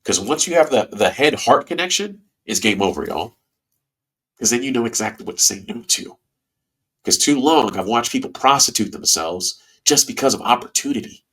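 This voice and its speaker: A man hosting a podcast in a casual monologue, with a stuffy nose, talking in a folksy way with bursts of excitement. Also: mid-range voice, normal speed, slightly rough. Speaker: podcast host.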